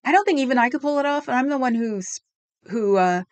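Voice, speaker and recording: Her voice high, clean and lively, this middle-aged livestream host talks fast. She sarcastically retells a video and reads viewers' comments out loud in a casual way, with plenty of ums.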